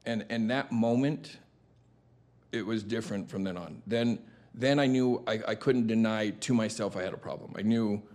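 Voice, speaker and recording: Male guest with a low voice; blunt, matter-of-fact, candid storyteller. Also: normal speed, a little mellow.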